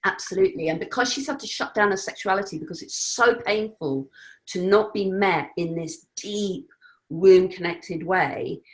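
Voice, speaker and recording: A woman speaking as an interview guest, earnest and reflective, at times animated and laughing. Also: medium pitch, normal speed. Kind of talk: conversational interview.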